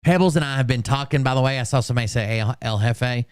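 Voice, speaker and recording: A man's voice: mid-range voice, quick pace, noisy background. A man hosting casual commentary, sardonic and swearing freely. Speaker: commentary streamer.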